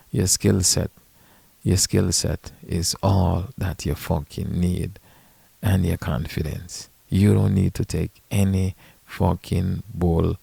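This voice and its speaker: A caddy and podcast host telling stories in a blunt, profane, emphatic casual rant. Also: male voice, low voice, gravelly, darkish tone, breathy edge, dry recording.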